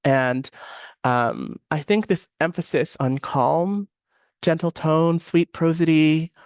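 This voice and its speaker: A man's voice: a little high, no echo, studio quality. Reflective man teaching a workshop. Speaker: workshop presenter. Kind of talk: live online teaching session.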